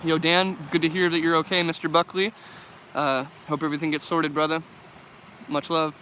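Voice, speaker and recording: A young man from the United States, talking loosely as he walks through the woods and answers his viewers, often swearing and laughing. His voice sits a little high and sounds bright and forward. A faint hiss of outdoor noise runs behind him. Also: level tone, normal speed. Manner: laid-back, swears often, laughs a lot. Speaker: vlogger answering live chat. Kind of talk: casual live-stream chat while walking. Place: outdoors in a forest by a loud river.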